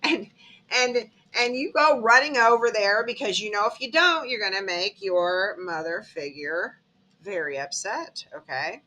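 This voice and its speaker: This woman's medium-pitched voice is expressive, unhurried, pushed and bright as she delivers a casual tarot reading. She narrates it like a dramatic story, chatting and tossing in tag questions such as "okay?".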